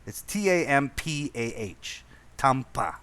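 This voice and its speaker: A man's voice: mid-range voice, expressive, normal speed, bright, forceful tone. A man hosting a casual podcast chat, telling a profane anecdote with lots of repeated words and laughter. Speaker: podcast host. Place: lived in Indonesia.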